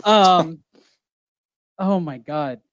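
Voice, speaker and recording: A man hosts a loose boxing podcast, brash and profane as he needles his co-hosts. His voice sits high for a man. The audio is dull and dry. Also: extremely slow, fairly bright tone, dry recording. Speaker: podcast host. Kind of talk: casual boxing chat.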